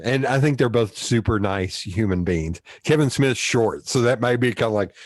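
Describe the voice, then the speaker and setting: A male podcast host telling stories in a casual chat, animated, laughing often and swearing freely. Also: mid-range voice, moderate pace, few pauses, no echo.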